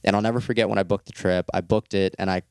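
A man with a deep, gravelly voice recounts a personal story in a candid, unpolished way. He swears freely and breaks into little laughs mid-sentence. The sound is close and dry. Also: steady tone, fast, no echo.

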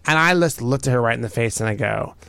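A man's voice: mid-range voice, animated, fast talker, gravelly, bright, forceful tone, dry recording. A man co-hosting a fashion podcast, telling stories in a playful, self-congratulatory way. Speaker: podcast co-host. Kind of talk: casual chat.

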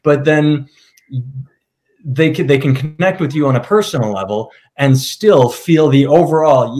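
A man's voice: a little high, unhurried, a little mellow. A man in casual podcast conversation, telling stories in a joking, profane, offhand way.

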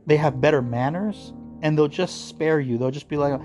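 A man's voice: on the high side, normal speed, a little mellow, soft background music. A man from the United States in a casual ranting monologue, profane, sarcastic and combative.

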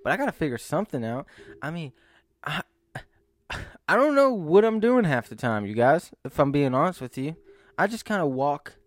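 A man's voice: fairly high pitch, very animated, normal speed, long pauses, no echo. A young man vlogging to camera in a rambling, self-mocking monologue, often breaking into laughs and sighs.

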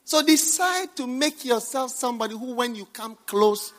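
A man, a bishop preaching a sermon to a congregation, emphatic, with bursts of shouting, laughter and repeated phrases. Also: extremely high pitch, animated, moderate pace. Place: church hall with congregation.

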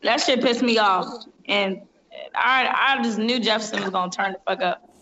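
A man's voice: high-pitched, normal speed, bright, forceful tone, a little hiss or hum. A man in casual podcast chat, sounding indignant and swearing freely. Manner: indignant, profane. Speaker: podcast co-host. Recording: dull lo-fi sound.

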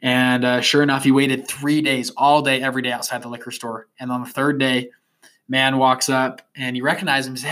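A young man in his twenties hosts a podcast and tells a motivational story in a loose, animated monologue. His voice is bright and forceful. He rambles, piling up fillers and restarts as he goes. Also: medium pitch, a little fast. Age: 20s. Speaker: podcast host.

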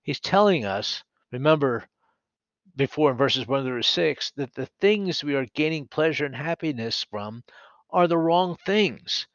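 A man teaching scripture on a podcast, earnest and animated, reading verses aloud and sometimes restarting his sentences with a self-deprecating humor. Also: fairly high pitch, a little slow, no echo. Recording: dry, slightly dull recording.

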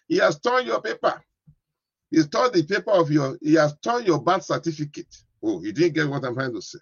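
A pastor preaches in a slightly raised, husky voice. He keeps circling back to the same questions and asks whether the congregation understands. The recording is dry and a little dull. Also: on the high side, fairly bright tone, dry recording. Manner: repetitive, keeps asking "you understand?". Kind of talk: sermon.

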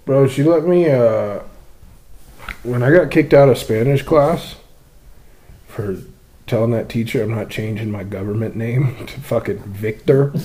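A man's voice: medium pitch, unhurried. Young guy cohost ranting a story, swears a lot, does the voices. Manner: animated, profane, acts out quotes. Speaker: podcast co-host. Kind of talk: casual storytelling chat.

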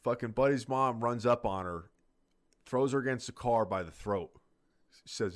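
A man's voice: medium pitch, normal speed. A man casually telling a rambling, profane story in a podcast chat.

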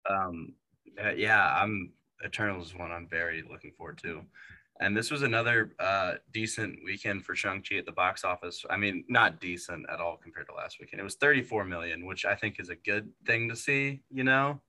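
A man's voice: low-pitched, moderate pace, pushed and bright. A man co-hosting a casual movie podcast, rambling with lots of fillers and restarts. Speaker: podcast co-host.

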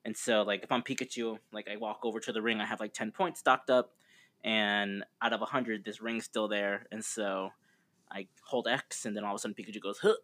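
A man's voice: on the low side, steady tone, a little fast, pushed and bright. A man co-hosting a podcast, chatting casually in a rambling, laid-back way with frequent fillers. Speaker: podcast co-host. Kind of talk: casual chat.

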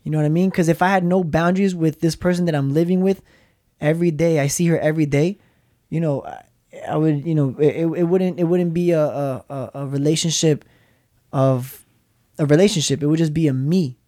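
A man's voice: on the high side, fairly even intonation, fairly quick, warm tone. A man in casual faith talk, rambling and repeating words as he tells stories.

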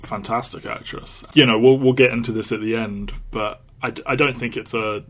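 A man's voice: mid-range voice, steady tone, normal speed, fairly bright tone, a little hiss or hum. A man co-hosting a film podcast, chatting casually and often restarting his sentences. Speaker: podcast co-host. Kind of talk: casual film review chat.

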